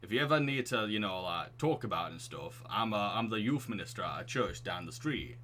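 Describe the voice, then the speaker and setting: A man's voice: on the low side, lively intonation, fairly quick, pushed and bright. A man voicing a friendly, clean-cut male neighbour who is a youth minister, with a Northern English accent and a chatty, slightly awkward manner. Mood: earnest.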